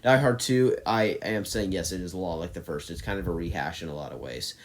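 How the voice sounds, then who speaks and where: A man's voice: low-pitched, brisk. A man hosting a movie channel, ranking his favorite films in a casual, enthusiastic and rambling way, with frequent restarts.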